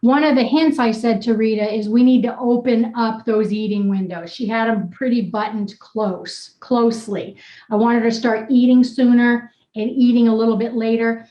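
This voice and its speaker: A woman's voice: a little high, steady tone, normal speed, reverberant, highs cut off. A woman wellness coach leading a group video call in an upbeat, teasing, blunt manner. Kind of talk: casual coaching chat.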